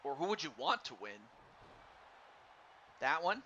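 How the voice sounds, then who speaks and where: A man doing live play-by-play commentary on a wrestling game for a stream, excitable and stumbling over his words while chatting with viewers. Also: a little high, unhurried. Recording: dull lo-fi stream mic with faint noise.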